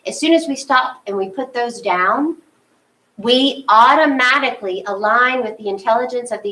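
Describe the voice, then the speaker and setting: Woman spiritual leader, fairly high, bright voice; chatty sermon with acted-out asides, distant mic. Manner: animated, acts out her own inner thoughts. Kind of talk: conversational sermon.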